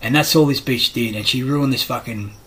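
A man's voice: medium pitch, a little fast, fairly bright tone, rough recording. A middle-aged Australian man in a rambling, profane monologue, blunt and aggrieved, swearing constantly.

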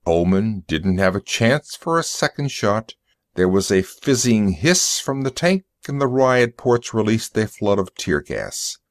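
A man reading a story aloud as a narrator for English learners, slowly and deliberately. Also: fairly low pitch, very animated, no room sound, studio quality.

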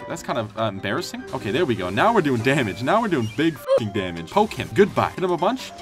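A young man giving excitable, jokey gameplay commentary and trash-talking enemies as he plays. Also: medium pitch, quick pace, few pauses. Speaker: gaming youtuber. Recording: faint game music behind.

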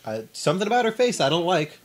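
Young male co-host, teasing, jokey, pitch swinging widely, casual banter. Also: fast. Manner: joking, teasing, lively ups and downs. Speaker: co-host of game commentary. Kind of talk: casual let's play chat.

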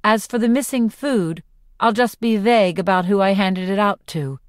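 A woman narrating a novel in the first person, with clear, expressive storytelling. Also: medium pitch, moderate pace, no room sound, studio quality. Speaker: audiobook narrator.

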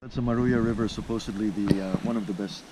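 A New man who owns a riverside retreat, talking calmly and matter-of-factly with small hesitations. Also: lowish voice, fast talker. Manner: calm, matter-of-fact, with hesitations. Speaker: retreat owner. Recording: loud background noise, mic distant.

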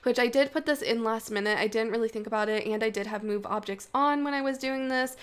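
A young woman chatting through a life-sim game in casual gameplay commentary. Her voice sits a little high, and she gushes over small things, gasping often and sounding excitable. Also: quick pace, clear, resonant tone. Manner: gushing, excitable, frequent gasps. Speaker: gaming channel host.

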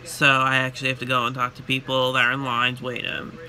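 A tired young man telling a chatty, animated story about his workday in a casual vlog. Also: medium pitch, fairly quick. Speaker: vlogger and retail worker.

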